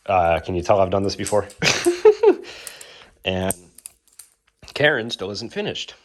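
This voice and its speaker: Young man telling a lively storytime. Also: low voice, a little slow, long pauses. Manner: animated storytelling with acted-out quotes and laughs. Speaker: knife-flipping YouTuber. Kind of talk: casual storytime.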